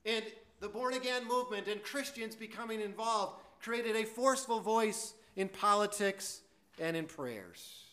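A man's voice: sits high, expressive, measured pace, sharp tone. A man preaching a sermon, telling a story earnestly and with emphasis, now and then stumbling over a word. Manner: earnest, emphatic storytelling with some stammered restarts.

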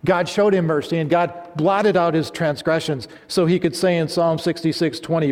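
A male preacher delivering a sermon, speaking slowly and emphatically, often letting phrases sink to a low hush at their ends. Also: steady tone. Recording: echoey hall reverb.

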